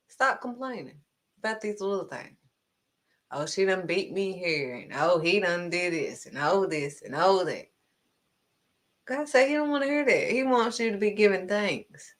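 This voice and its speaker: A woman's voice: fairly high pitch, a bit bright. Emphatic scolding woman preaching. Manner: emphatic and scolding, punctuates points with "period"; informal, conversational preaching. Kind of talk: spoken devotional message.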